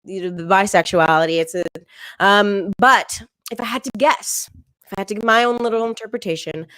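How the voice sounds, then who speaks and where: A young adult woman-voiced comedian performs stand-up from home. The delivery is deadpan and scattered with ums and small laughs. The voice sits in a mid range, and the computer mic gives a dry sound with no room echo. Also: mid-range voice, brisk, clean tone. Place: home, virtual show.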